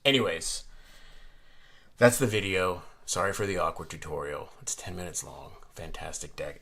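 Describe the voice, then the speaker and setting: A man with a fairly low voice walks through a card trick in a relaxed, rambling vlog. He often stops and restarts his sentences, as if thinking aloud while his hands work. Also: moderate pace, vocal fry, a little hiss or hum. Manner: rambling, self-correcting, chatty. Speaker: playing card reviewer. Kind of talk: casual tutorial vlog. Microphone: desk camera looking down on hands.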